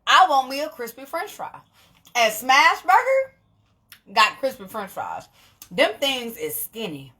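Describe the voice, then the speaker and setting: Bright-voiced, blunt young woman vlogging. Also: sits high, slow. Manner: animated, blunt, swears freely, laughs often. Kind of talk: casual monologue to camera.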